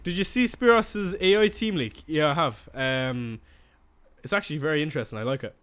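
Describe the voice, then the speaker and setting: A man's voice: a little high, a little fast, fairly bright tone, clean tone. A young man chatting casually on a live stream, reading out and answering viewer questions as he goes.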